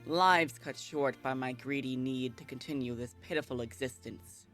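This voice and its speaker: A woman voicing a guilt-ridden, centuries-old male vampire narrator in a slow, somber, low reading. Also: soft background music. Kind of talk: reading a visual novel aloud.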